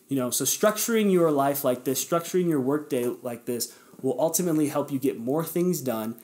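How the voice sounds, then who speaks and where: A man's voice: fairly high pitch, brisk, darkish tone. A man hosting a podcast, talking casually and earnestly, encouraging listeners and speaking to them directly. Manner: conversational, with fillers and self-corrections. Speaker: podcast host. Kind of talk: casual motivational podcast talk.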